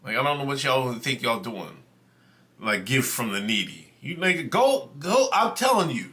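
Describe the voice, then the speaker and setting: A man streaming live tells a story to his chat in an easygoing, profane, conversational manner. His voice is mid-range and sing-song, delivered at normal speed with a bright, forceful tone.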